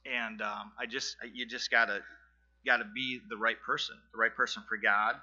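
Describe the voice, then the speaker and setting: A middle-aged man nervously giving a personal testimony in front of his church congregation, halting and earnest, with many fillers and restarts. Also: fairly low pitch, level tone, sharp tone, dull audio. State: nervous, sweating.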